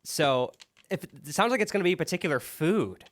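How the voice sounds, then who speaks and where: A man's voice: a little high, animated, brisk, a bit bright. A man co-hosting a podcast, talking in an easygoing, rambling way with hesitations. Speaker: podcast co-host. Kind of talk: casual chat.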